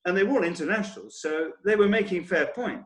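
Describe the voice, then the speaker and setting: A man's voice: high-pitched, fast. Roomy-sounding man telling stories. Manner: anecdotal, quotes others in lively voices. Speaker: former cricketer, guest. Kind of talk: casual panel chat. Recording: roomy echo.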